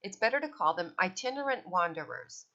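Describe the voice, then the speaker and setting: A woman's voice: lowish voice, big pitch swings, a little fast, sharp tone, exaggerated voice. Woman doing a prim know-it-all sister. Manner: prim, correcting. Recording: dull lo-fi recording.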